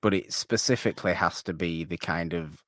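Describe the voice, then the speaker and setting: A man's voice: sits low, moderate pace, fairly bright tone, no echo, studio quality. A man co-hosting a podcast in casual chat, playful and rambling, mocking himself. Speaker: podcast co-host.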